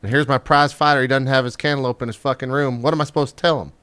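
A man's voice: mid-range voice, fairly even intonation, racing, a bit bright, smooth, no echo. A man playing a tabletop role-playing game, talking in character in a brash, bossy, profane way. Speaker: player.

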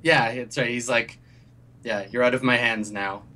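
A man at mid pitch running a tabletop game as its game master. He talks in a hesitant way and fills his narration with ums and restarts. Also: steady tone, moderate pace, pushed and bright.

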